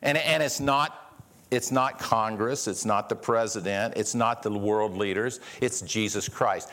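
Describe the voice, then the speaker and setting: A man's voice: fairly low pitch, a little slow, fairly bright tone. Earnest male preacher, rhetorical questions. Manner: earnest, restarts and repeats words, asks rhetorical questions. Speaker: pastor. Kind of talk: sermon.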